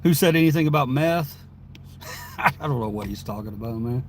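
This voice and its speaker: A man's voice: mid-range voice, lively intonation, moderate pace, a little hiss or hum. A man live streaming from inside his car, reading viewer chat aloud and answering it in a rambling, chatty way with frequent laughs.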